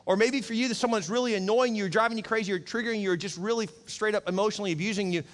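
Middle-aged male pastor, chatty sermon delivery with acted-out quotes, slightly high voice, big reverberant room. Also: very fast, few pauses. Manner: conversational, acts out quoted voices.

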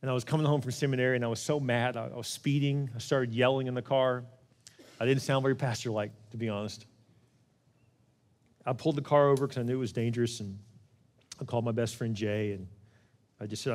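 A middle-aged man delivers a sermon from the pulpit as the pastor, speaking with earnest conviction. His voice sits at an ordinary middle pitch, and he moves between energetic, raised passages and soft, hushed moments. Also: a little fast, long pauses. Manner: earnest storytelling, swings from loud to hushed.

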